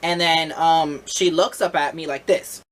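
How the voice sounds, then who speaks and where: A young adult man telling a casual storytime about managing a store, animated, full of "like" fillers and swearing as he acts out both sides. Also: on the high side, measured pace.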